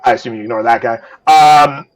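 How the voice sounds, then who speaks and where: A man's voice: mid-range voice, brisk, rough recording. A man running a live-streamed tabletop game as game master, talking loosely with lots of fillers and the odd swear.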